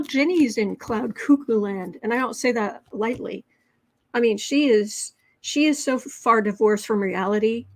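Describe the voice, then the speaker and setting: A woman's voice: a little high, poor audio. Chatty woman reading tarot live. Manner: chatty, reads viewer comments aloud, frequent laughs and restarts. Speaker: tarot livestream host. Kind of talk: casual livestream tarot reading.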